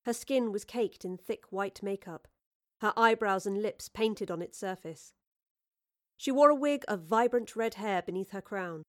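A woman narrating a storybook with a measured, expressive reading. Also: mid-range voice.

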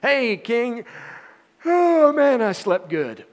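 A man's voice: mid-range voice, lively intonation, fairly quick, in a large hall, lightly acted. A man voicing a cheerful, unbothered young prophet in a breezy, joking manner. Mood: upbeat.

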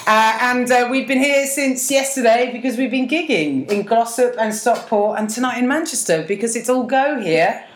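A woman with a cold and a husky voice, co-hosting a casual comedy podcast in a jokey, self-mocking way. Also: a little high, moderate pace, few pauses. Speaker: podcast co-host. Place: conservatory of a house. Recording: echoey room, heavy hiss.

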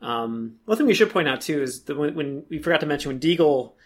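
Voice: mid-range voice, expressive, a little fast. A podcast co-host chatting casually about a film, rambling and repeating words as thoughts form. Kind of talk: casual comedic chat reviewing a film.

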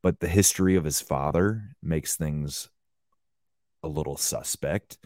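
A man hosting a casual podcast panel discussion, musing and hedging, trailing off softly at the ends of his thoughts. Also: a bass voice, measured pace, no room sound, studio quality. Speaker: podcast host.

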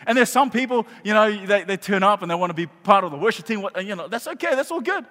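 A man preaching a sermon as pastor, animated and joking, with sudden shouts and quiet drops. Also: high-pitched, fast, big-room sound. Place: church hall.

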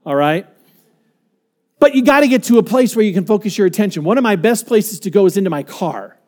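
A middle-aged man preaching a sermon as pastor, emphatic, swinging from loud to quiet and slowing down to read scripture. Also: sits high, expressive.

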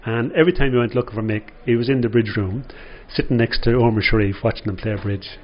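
A man's voice: mid-range voice, quick pace, dull audio. An older Irish man, a former footballer, telling rambling anecdotes in an interview with lots of "you know". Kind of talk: storytelling interview.

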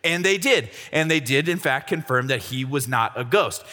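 A man's voice: mid-range voice, lively intonation, normal speed, bright, forceful tone. A young man telling a Bible story as a comic youth sermon, jokey and slangy. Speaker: youth speaker. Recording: reverberant hall.

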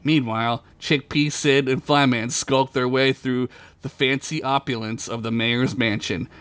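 A man reads a raunchy comic fantasy story aloud on a podcast, often breaking into laughter at his own jokes. His voice sits at an average pitch. The sound is dry and close, with no room echo. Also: steady tone, measured pace, fairly bright tone, smooth. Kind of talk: comedic story reading.

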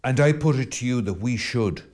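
A man's voice: mid-range voice, expressive, moderate pace, a little mellow. A middle-aged Irish man, a Catholic priest hosting his podcast, speaking earnestly and rhetorically, piling up questions as he reflects. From Ireland. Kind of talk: reflective spoken commentary.

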